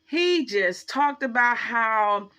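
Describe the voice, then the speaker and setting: Chatty woman with a bright, higher voice. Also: animated, slow pace. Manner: chatty, filler-heavy, acts out the dialogue. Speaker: vlogger. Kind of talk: casual storytime.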